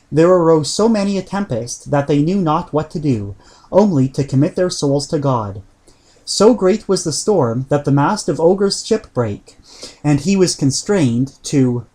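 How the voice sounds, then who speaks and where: A man reading an old book aloud in a measured way, with occasional slips and throat-clearing. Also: on the high side, a little mellow. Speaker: reader.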